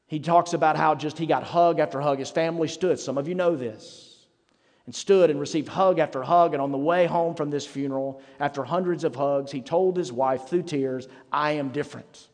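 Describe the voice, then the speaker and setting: A man's voice: fairly high pitch, normal speed, a little mellow. A man preaching a sermon as pastor, telling stories in a conversational way. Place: church sanctuary. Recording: long hall reverb with faint music.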